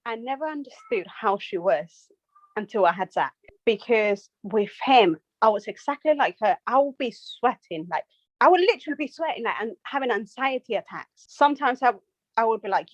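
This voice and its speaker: Young mum guest, animated anecdotes, dry muffled podcast mic. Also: female voice, fairly high pitch, normal speed, dry recording. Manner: animated storytelling, quoting herself. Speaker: podcast guest, nurse and mother of two. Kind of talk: casual chat.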